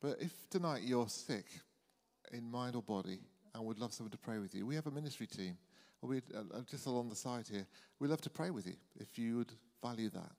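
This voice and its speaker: A man's voice: mid-range voice, animated, a little fast, darkish tone. A man in his sixties preaching an evening sermon in a church, earnest and often repeating words as he speaks. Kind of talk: evening sermon and closing prayer. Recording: church hall reverb.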